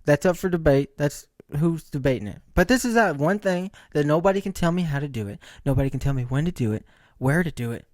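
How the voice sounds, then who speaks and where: A man's voice: a little high, animated, fast talker, a little mellow, no echo, clean studio sound. A man hosting his own podcast, telling stories in a rambling, joking way, laughing often and asking rhetorical questions. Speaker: podcast host. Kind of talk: casual solo storytelling.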